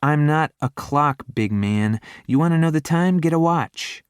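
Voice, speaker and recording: Sassy, teasing young woman with quick comebacks, read by a male narrator. Dry studio read. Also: fairly low pitch, darkish tone, no echo, voice pushed up, lightly acted.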